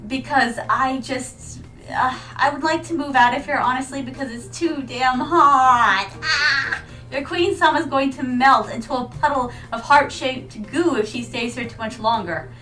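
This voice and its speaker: A woman's voice: high voice, measured pace, pushed and bright, far from the mic, low-quality recording. An American woman streaming a game, chatting playfully and rambling to her viewers. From United States. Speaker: VTuber streamer. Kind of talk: casual game stream chat. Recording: mic set back, music behind.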